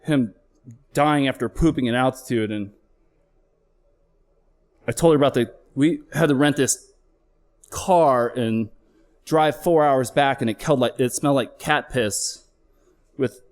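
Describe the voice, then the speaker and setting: A middle-aged man recounts a personal story before an audience, speaking candidly and earnestly. His voice sits at an ordinary middle pitch. Emotion rises and falls as he talks. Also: measured pace, long pauses. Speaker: flight paramedic. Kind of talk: personal story told live on stage.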